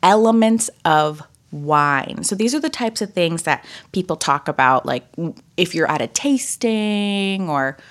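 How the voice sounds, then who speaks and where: A woman's voice: lowish voice, unhurried, hardly any pauses. A young woman co-hosting a podcast, explaining things casually with lots of fillers. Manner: lively, explains with many fillers. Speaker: podcast co-host. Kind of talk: casual chat.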